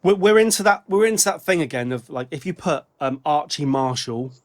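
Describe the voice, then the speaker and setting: A man with a somewhat high voice chats loosely as a podcast co-host. He rambles, restarts his sentences and corrects himself mid-thought as he goes. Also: lively intonation, brisk. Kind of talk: casual music-review chat.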